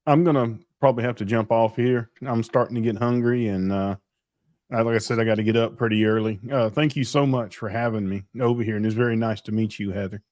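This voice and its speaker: A man's voice: lowish voice, fairly even intonation, fast talker, darkish tone, no echo, clean studio sound. A man who is a guest on a live stream, chatting casually and laughing easily. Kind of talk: casual chat.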